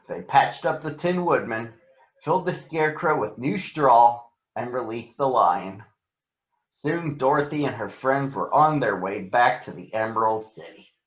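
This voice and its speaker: A man reading a children's story aloud as a storyteller, in a slow, expressive way. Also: mid-range voice. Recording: roomy, dull sound.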